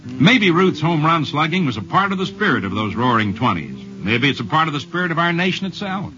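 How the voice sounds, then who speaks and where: A man narrating a scripted documentary in a measured, reflective way. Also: mid-range voice, bright, forceful tone. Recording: dull lo-fi old radio recording.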